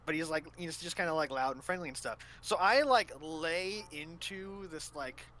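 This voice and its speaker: A man's voice: on the high side, normal speed, pushed and bright, slight background noise. A man hosting a casual talk show, retelling tabletop game sessions in a rambling way with many fillers. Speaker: host. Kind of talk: casual chat.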